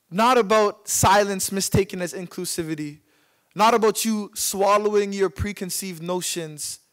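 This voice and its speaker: A man's voice: sits high, fairly bright tone. A young man from Canada giving a talk on stage, moving from spoken-word poetry into personal storytelling, rhythmic and impassioned, repeating phrases for emphasis. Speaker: speaker at a public talk. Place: stage before a live audience.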